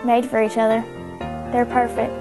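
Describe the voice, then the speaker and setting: A lively woman with a rather high voice tells a family story in an interview. She talks with energy. Light music plays in the background. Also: normal speed. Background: soft background music.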